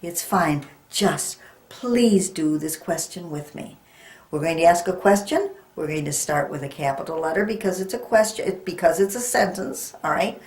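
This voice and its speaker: A woman teaching a children's reading lesson, sounding out letters and words slowly and patiently. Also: on the low side, animated, a little mellow. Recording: echoey room.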